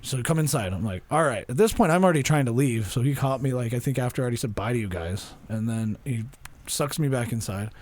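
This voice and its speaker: A young man co-hosting a podcast, chatting casually and acting out what people said in lively voices. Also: medium pitch, fast talker. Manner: animated storyteller, acts out quotes in voices. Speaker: podcast co-host.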